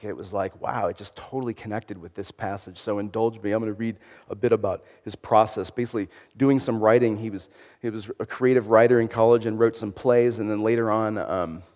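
A man giving an informal sermon-style talk, reflective and conversational, often trailing into quieter phrases. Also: fairly low pitch, in a large hall.

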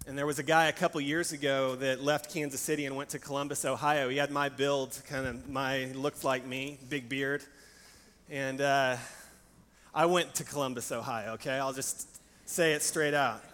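A man's voice: medium pitch, fairly even intonation, moderate pace, fairly bright tone. A young adult man preaching a sermon, telling stories in a candid, conversational and personal way. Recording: long hall reverb, faint background hiss.

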